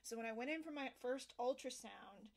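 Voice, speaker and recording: Animated high-voiced woman storytelling. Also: normal speed, gravelly. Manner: animated, acts out quotes in higher voices. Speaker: host. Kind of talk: casual storytelling interview. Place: home.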